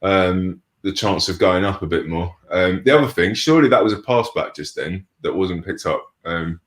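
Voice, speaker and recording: A low-voiced man talks through the football action in a casual, relaxed way, filling his pauses with lots of ums. His voice carries a noticeable echo from the room he is in. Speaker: co-host of fan watch-along.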